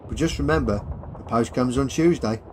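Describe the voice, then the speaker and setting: A cool, sly English soldier, as a man voices him, delivering veiled threats with unruffled calm in a war audiobook. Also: mid-range voice, normal speed, slight background noise, close to an everyday voice.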